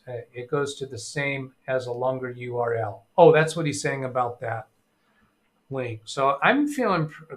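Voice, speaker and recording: A middle-aged man hosting a casual live tech stream, reading chat aloud and thinking out loud with many fillers. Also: mid-range voice.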